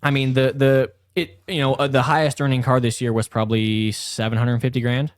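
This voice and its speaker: A male driver talks quickly and plainly in a casual podcast chat. He walks through the money and the travel in a matter-of-fact way. His voice is dry and close, with no room sound. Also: medium pitch, little pitch movement, smooth, dry recording. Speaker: race car driver and podcast host.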